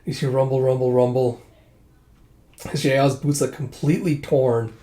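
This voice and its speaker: Man, casual manga read-through, mid-pitched voice, chatty recap. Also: fairly even intonation, mellow. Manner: quick recap that introduces quoted lines with "it's like". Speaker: manga reviewer.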